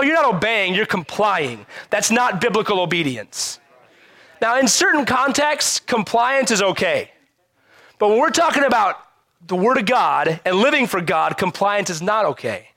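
A pastor with a high-pitched male voice, preaching a lively, conversational sermon that keeps turning to the listeners with quick rhetorical questions. The sound is dry and close, with no room echo. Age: adult parent.

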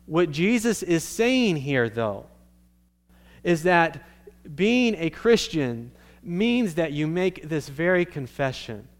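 A male pastor gives a sermon with a slightly high voice. He preaches conversationally, checks in with his listeners and restarts phrases as he goes. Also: big pitch swings, slow pace.

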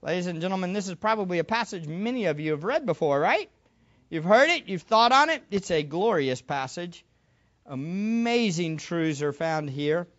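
An emphatic preacher working through a passage in a sermon, leaning on repeated phrases and rhetorical questions and pushing a bit faster at times. The pitch sits in a middle range, and the recording has a slightly dull, muffled quality. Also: expressive.

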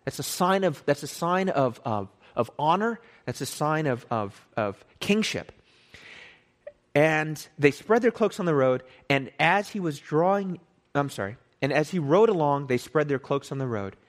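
A man teaching from the Bible in a casual sermon style, animated and conversational, often repeating and correcting himself. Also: on the high side, unhurried.

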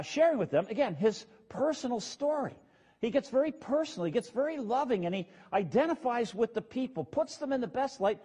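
A man's voice: very high voice, a little mellow, husky. A man preaching a conversational sermon as pastor, plain-spoken and casual, with asides to his congregation.

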